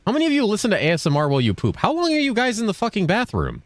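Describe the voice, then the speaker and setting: A man streaming games and chatting casually with his viewers, with dry, fairly monotone banter. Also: high voice, very fast, no echo. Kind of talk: casual chat while gaming.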